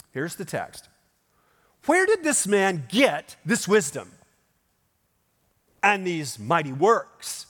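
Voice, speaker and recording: A man's voice: sits high, fairly bright tone. A male pastor delivering a sermon in a church, emphatic and full of rhetorical questions. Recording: long hall reverb.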